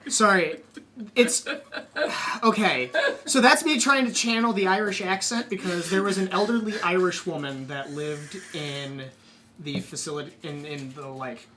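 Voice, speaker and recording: A low-voiced woman with a bright, forward tone runs a tabletop game. She talks in a chatty way and laughs often. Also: unhurried. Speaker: game master. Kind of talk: running a tabletop game on stream.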